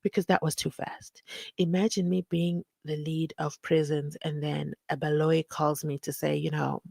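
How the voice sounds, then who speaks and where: A woman's voice: deep voice, level tone, moderate pace, creaky, a little mellow, no room sound. A woman hosts a casual live stream, chatting and reading viewer comments aloud with frequent laughs.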